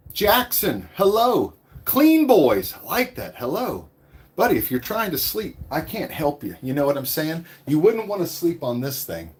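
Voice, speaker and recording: A man's voice: mid-range voice, breathy edge. A man hosting his own live stream, chatting casually and greeting viewers by name from inside a tiny micro house. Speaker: YouTube channel host. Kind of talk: live-stream vlog tour and Q&A.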